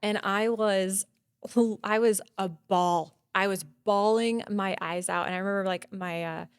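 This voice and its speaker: A woman in her thirties telling a story as a podcast guest, acting out dialogue and growing loud and high when excited. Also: measured pace, smooth, no echo.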